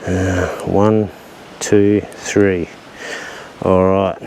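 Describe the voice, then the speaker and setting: Rambling man with a low voice. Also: steady tone, a little slow, darkish tone, rough recording. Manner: chatty and rambling, with frequent "uh" and a light joking tone. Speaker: vlogger. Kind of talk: casual walking vlog narration. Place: outdoors on coastal cliff trails and caves. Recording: outdoor recording with clear ambient noise.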